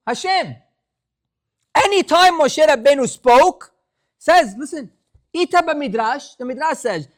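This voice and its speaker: A man, a rabbi, giving a passionate Torah class in English with Hebrew phrases, pleading and exhorting. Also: extremely high pitch. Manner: impassioned, pleading, rising to exhortation.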